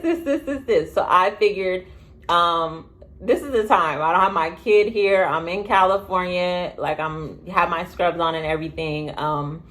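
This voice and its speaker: A young woman telling a story to her viewers in a casual vlog, rambling and chatty with quick asides. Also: deep voice, fairly bright tone. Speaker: vlogger. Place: indoors, sitting at home.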